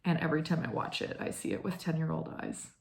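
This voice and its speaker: A woman's voice: deep voice, animated, quick pace, gravelly, a little hiss or hum. A woman in her twenties hosting a knitting vlog, chatting casually and rambling with lots of fillers and "like". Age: 20s. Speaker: knitting podcast host. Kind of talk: casual chat.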